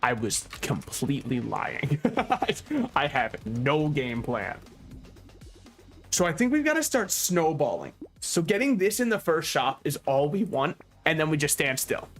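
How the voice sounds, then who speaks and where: A man's voice: fairly high pitch, fairly bright tone. A man giving casual, rambling gameplay commentary, joking, swearing freely and laughing often. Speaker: gaming YouTuber.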